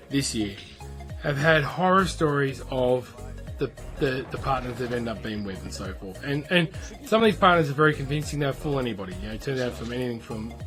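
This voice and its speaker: A man's voice: medium pitch, fairly bright tone. A man with an Australian accent, a gaming YouTuber telling a rambling, self-deprecating story over gameplay.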